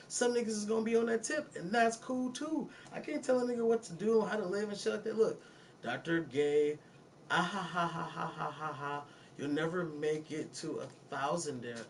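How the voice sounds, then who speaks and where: High-voiced Detroit man chatting loosely. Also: a bit bright, slight background noise. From Detroit, USA. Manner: loose, profane, frequent laughing asides. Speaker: music producer streaming to viewers. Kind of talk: casual livestream chat. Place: recording studio.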